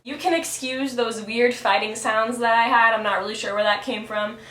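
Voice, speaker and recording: A woman's voice: fairly high pitch, steady tone, moderate pace, fairly bright tone, slight background noise. A young woman student explaining her puppet work in a chatty, thinking-aloud way, recorded on a camera mic at home. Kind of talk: casual explanatory video. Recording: roomy echoing room.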